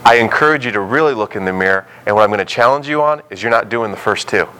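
A man's voice: lowish voice, lively intonation, fast talker, pushed and bright, smooth, low-quality recording. A man preaching a sermon in a conversational way, now and then acting out the voices of biblical figures. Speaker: pastor.

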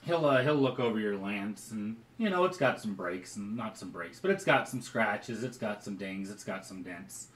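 A man narrating as game master of a tabletop game, halting with many fillers. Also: lowish voice, lively intonation, fairly bright tone, echoey room.

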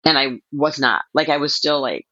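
A woman talking as a podcast guest, telling a personal story in a rambling, animated way with lots of fillers. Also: deep voice, normal speed, no room sound, lo-fi sound.

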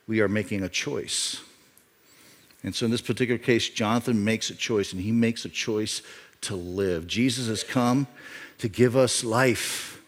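A middle-aged man preaching a sermon as a pastor, emphatic, repeating key phrases and swinging between loud and quiet. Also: medium pitch. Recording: reverb of a large hall.

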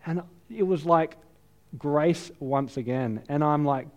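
An Australian man preaching a sermon, telling a self-deprecating story in a lively, chatty way. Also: fairly high pitch, slow. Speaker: pastor. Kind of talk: sermon with personal anecdote.

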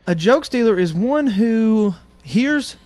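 A man's voice: high voice, lively intonation, slow pace, darkish tone, no echo. A man co-hosting a casual comedic radio show, rambling through self-deprecating stories.

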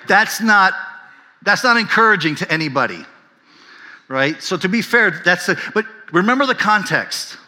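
A pastor delivers a sermon with a bright, forceful voice that carries through a big hall with a long reverb. He is conversational, keeps asking his listeners "right?", and jumps into higher, livelier tones when he acts out what other people said. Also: moderate pace. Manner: animated, acts out whiny voices and quotes with rising pitch; conversational, often tags lines with "right?".

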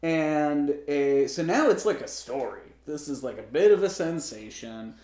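A man's voice: a little high, lively intonation, unhurried, a little mellow, reverberant. A man co-hosting a podcast, recapping a film in casual chat with wry, profane asides.

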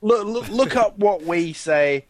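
A man's voice: high voice, animated, takes it slowly, no echo. A man with an Australian accent in casual chat, blunt and swearing freely.

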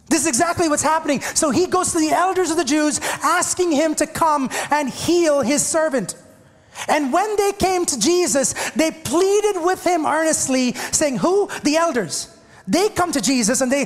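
A man's voice: extremely high pitch, normal speed, long reverb tail. A male pastor preaching a sermon in a church, calling out to his congregation and often repeating and restarting his phrases. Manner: impassioned preaching, calls out to the congregation. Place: church sanctuary.

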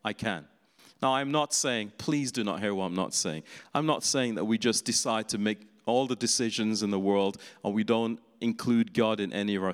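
Male preacher, fairly low voice, chatty sermon delivery, long reverb on the recording. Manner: conversational, with laughing asides.

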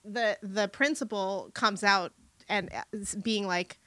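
A woman talks casually through a movie she watched. Her voice is bright and clear, and she laughs often and restarts her sentences. The sound is dry and close, with no room around it. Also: medium pitch, slow, dry recording. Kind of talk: casual chat about a movie.

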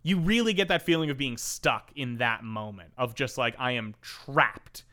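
A man's voice: medium pitch, animated, normal speed, fairly bright tone. A man co-hosting a podcast, chatting animatedly about a film and throwing in jokey asides. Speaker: podcast co-host. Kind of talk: casual movie discussion.

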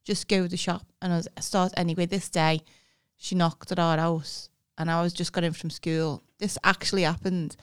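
A woman's voice: on the low side, flat delivery, moderate pace, clear, resonant tone. A woman in casual chat, telling rambling childhood stories with plenty of swearing. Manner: rambling anecdotal storytelling with swearing.

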